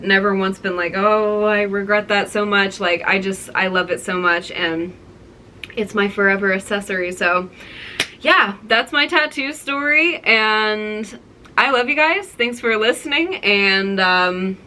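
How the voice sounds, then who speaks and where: A woman's voice: medium pitch, bright, forceful tone, slight background noise. A young woman telling a casual story time to her viewers, chatty and full of likes and ums. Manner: chatty, many fillers and likes. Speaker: vlogger.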